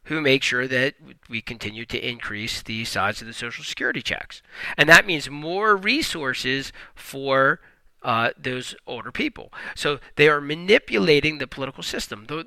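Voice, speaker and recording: A man's voice: medium pitch, sharp tone, no room sound, low-quality recording. A man teaching economics in a recorded podcast lecture, explaining emphatically and often restarting his sentences.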